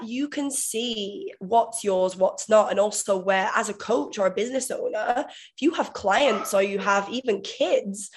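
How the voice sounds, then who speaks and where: A woman coach, a guest on a podcast, explaining steadily, listing terms and acting out inner thoughts. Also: mid-range voice.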